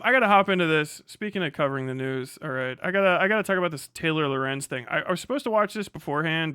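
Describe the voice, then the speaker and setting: A man's voice: fairly high pitch, sharp tone, clean tone, dry recording, clean studio sound. A man streaming live, chatting in a rambling, profane way and laughing often. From United States. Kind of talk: casual live-stream commentary.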